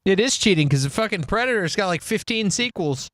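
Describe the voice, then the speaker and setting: A man's voice: sits high, lively intonation, fairly quick, fairly bright tone, dry recording. A man hosting a casual comedy chat, joking and laughing often as he asks the questions. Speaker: podcast host asking the questions.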